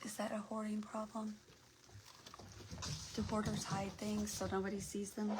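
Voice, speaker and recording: A woman's voice: medium pitch, completely flat delivery, moderate pace, long pauses, a little mellow, slight background noise, poor audio. A woman hosting a casual craft livestream, chatting and greeting viewers by name as she works, sometimes dropping to a near whisper.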